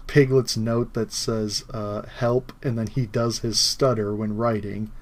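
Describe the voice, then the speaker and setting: A man's voice: fairly low pitch, level tone, unhurried. A man co-hosting a podcast, chatting casually and laughing as he eagerly recounts favorite moments. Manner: laughing, enthusiastic recounting of scenes. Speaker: podcast co-host. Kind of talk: casual chat.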